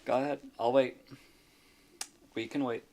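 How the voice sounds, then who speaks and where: A man streaming live from home into a desk mic, joking with his chat in loud, profane banter and laughing often. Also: medium pitch, fairly even intonation, a little slow, gravelly, a little hiss or hum. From Louisiana.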